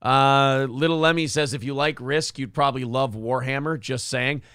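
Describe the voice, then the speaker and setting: A man's voice: medium pitch, steady tone, normal speed, fairly bright tone, no echo, clean studio sound. A man hosting a morning show, reading live chat aloud in a crude, joking, self-mocking way. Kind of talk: casual profane chat.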